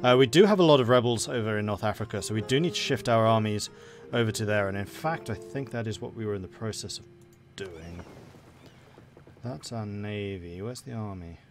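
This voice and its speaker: A man's voice: lowish voice, fairly quick, music in the background. Chatty man streaming a strategy game. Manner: chatty, thinking aloud with fillers. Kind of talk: casual live gameplay commentary.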